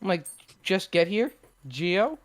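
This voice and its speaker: A young man's voice swings up and down a lot as he jokes and teases on a casual podcast. He tells stories in a quick, loose, and playful way. His pitch sits in the middle for a man, with a wide, animated range. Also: over a noisy crowd. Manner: jokey, teasing. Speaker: podcast guest. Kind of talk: casual chat.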